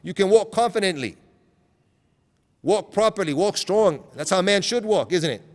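A man's voice: high-pitched, lively intonation, moderate pace. A man preaching a sermon in an earnest, direct way, posing rhetorical questions and mixing Arabic terms into his talk. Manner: mixes in Arabic terms and recited verses. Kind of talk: Islamic lecture. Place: lecture hall at an event. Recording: reverberant hall sound.

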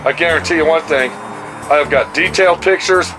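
A man's voice: on the high side, normal speed, low-quality recording. Angry cursing man ranting at a shop. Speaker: mechanic and channel host. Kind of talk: casual vlog walkthrough. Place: outdoors at a car shop. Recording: music playing under the voice.

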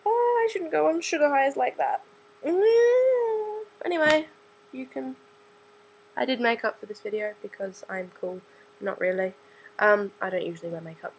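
Brief: late-teen Australian girl, slightly high voice, rambling self-mocking vlog chatter full of ums. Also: normal speed, slight background noise, poor audio. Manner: chatty, scattered, self-deprecating, many fillers. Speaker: student vlogger.

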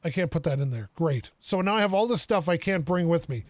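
Excitable high-voiced young man gaming. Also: a little fast, no room sound. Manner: excitable, talks to himself, self-mocking. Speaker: gaming video creator. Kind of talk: casual let's-play commentary.

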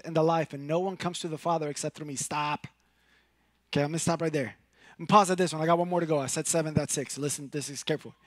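High-voiced animated preacher from Puerto Rico. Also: male voice, no echo, studio quality. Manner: animated preaching, swings from loud to hushed. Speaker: pastor. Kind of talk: sermon. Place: church sanctuary.

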